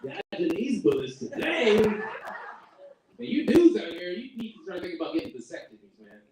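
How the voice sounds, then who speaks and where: A man doing a crude stand-up comedy set at a home open mic, with an animated delivery and squeaky put-on voices. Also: normal speed. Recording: echoey room from far off, noisy.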